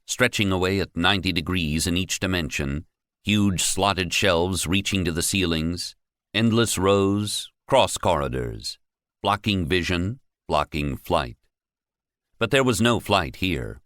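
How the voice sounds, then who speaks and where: A man narrating an audiobook in a measured, steady storytelling way. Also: deep voice, dry recording, studio quality. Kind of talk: scripted narration.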